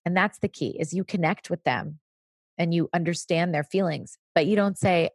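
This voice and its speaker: In a relaxed conversational interview, the expert guest, a woman, speaks in a lowish voice at a moderate pace, patiently explaining and sometimes briefly voicing what a parent or child would say. The recording is clean studio audio with no room sound.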